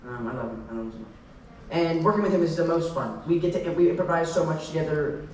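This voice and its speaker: A man's voice: a little high, quick pace, a little mellow, slight background noise. A young man answering fan questions at a convention panel, rambling and restarting sentences with laughing asides. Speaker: celebrity panel guest. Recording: echoey convention hall from far off.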